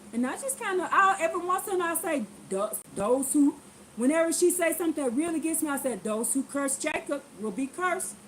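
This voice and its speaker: A woman vlogger telling a personal story to her viewers in a lively, preachy way, acting out what people said. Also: very high-pitched, slight background noise, low-quality recording. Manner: animated, acts out quotes in voices; preachy, addresses viewers directly. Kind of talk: casual storytelling testimony.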